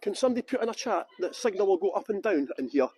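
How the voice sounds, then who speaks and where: A man's voice: high voice, animated, racing, mellow, slight background noise, rough recording. A man with a Scottish accent, guiding a live-streamed walking tour outdoors, chatting and joking with viewers through a handheld phone. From England. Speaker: tour guide. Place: outdoors in castle grounds.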